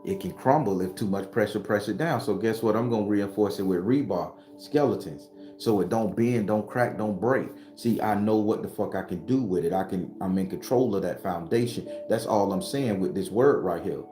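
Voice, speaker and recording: A man's voice: lowish voice, normal speed, hardly any pauses, dark tone, echoey room, soft background music. A man giving a blunt, profane motivational talk as a spiritual vlogger and tarot reader. He preaches in repeated phrases. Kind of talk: casual motivational monologue. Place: sitting behind his home studio.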